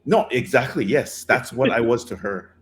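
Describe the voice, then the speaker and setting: A man's voice: mid-range voice, normal speed, a little hiss or hum. A middle-aged man co-hosting a podcast, telling a dating story in a rambling, casual way. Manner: rambling, many fillers and restarts. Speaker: podcast co-host.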